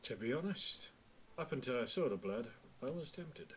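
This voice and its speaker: A man's voice: mid-range voice, expressive, normal speed, a little hiss or hum. A man playing a tabletop game, describing his character with laughs and swearing. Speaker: player.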